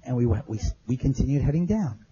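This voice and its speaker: A man's voice: medium pitch, lively intonation, quick pace, mellow, husky, lo-fi sound. A man telling an audience his survival story in plain, earnest words, repeating phrases as he remembers. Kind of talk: spoken testimony to an audience.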